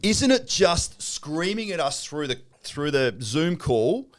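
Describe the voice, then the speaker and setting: A man's voice: on the high side, slow pace. An Australian man co-hosting a casual property podcast in a studio, blunt and sweary as he tells stories to his co-host. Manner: blunt, sweary, animated storyteller.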